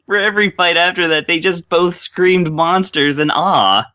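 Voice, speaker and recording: A man's voice: on the high side, moderate pace, hardly any pauses, bright, forceful tone, no room sound, lo-fi sound. A man co-hosting a podcast, chatting casually about a game he reviewed, rambling with lots of fillers. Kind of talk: casual chat.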